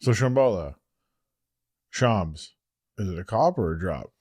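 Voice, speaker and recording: A man with a very low voice chats loosely with his co-hosts, chuckling as he talks. The recording is dry, with no room sound. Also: animated, a little slow, darkish tone, breathy edge, dry recording. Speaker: podcast co-host. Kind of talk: casual chat.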